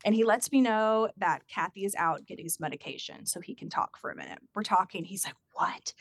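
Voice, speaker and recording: A woman's voice: medium pitch, normal speed, no echo. A woman telling a personal family story in casual chat, acting out the voices of the people she quotes. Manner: animated, acts out quoted voices.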